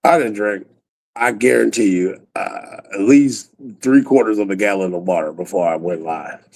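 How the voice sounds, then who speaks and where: A man's voice: fairly low pitch, moderate pace, gravelly, darkish tone, poor audio. A man talking to his viewers in a loose, profane, rambling late-night livestream chat, laughing often.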